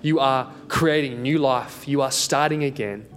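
A young adult man preaching a sermon and telling a personal story in an animated way, laughing at himself as he goes. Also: mid-range voice, unhurried, faint music behind.

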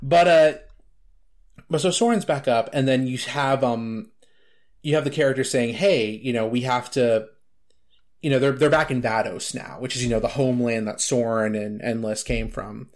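A man's voice: mid-range voice, normal speed. A man in casual chat about a video game, rambling with lots of filler words and restarts.

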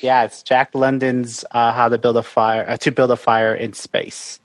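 A man from Colorado chats as a guest musician on a podcast in a mid-pitched voice. He sounds friendly and talkative, with lots of fillers. The recording is dry and close. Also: little pitch movement, moderate pace, dry recording. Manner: friendly, chatty, hesitant fillers. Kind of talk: casual interview chat.

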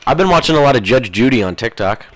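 Animated, profane young-sounding podcast host man. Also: medium pitch, fast. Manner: crude, profane, rambling and jumpy. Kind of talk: casual rambling podcast chat.

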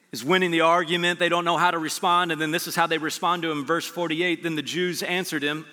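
Animated high-voiced preacher in a reverberant hall. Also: male voice. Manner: animated preaching, voice rising and dropping sharply. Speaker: pastor. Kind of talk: sermon.

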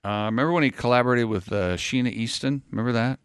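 A man's voice: mid-range voice, fast, smooth, no echo, clean studio sound. A man co-hosting a radio show, reading news items and teasing his co-host wryly. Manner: wry, teasing, reads news items aloud. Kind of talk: casual morning show banter.

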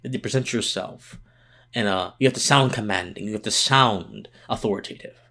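A man's voice: fairly low pitch, a little fast, sharp tone. A tired man hosting a political podcast, giving passionate commentary with emphatic restarts and repeated words.

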